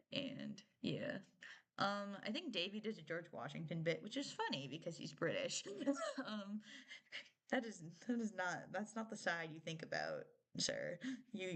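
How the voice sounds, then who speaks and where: A young woman chatting casually on a live stream, rambling with lots of filler words and frequent giggles. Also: on the low side. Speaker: streamer reviewing a TV show.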